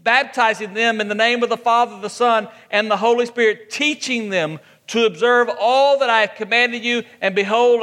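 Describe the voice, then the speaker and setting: A man's voice: high voice, sharp tone, in a large hall. A man preaching a sermon as pastor, asking rhetorical questions and repeating points for emphasis.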